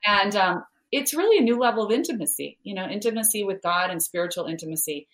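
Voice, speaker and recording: Female guest author, earnest and chatty, mid-pitched, roomy echo. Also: animated, quick pace. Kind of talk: conversational interview talk.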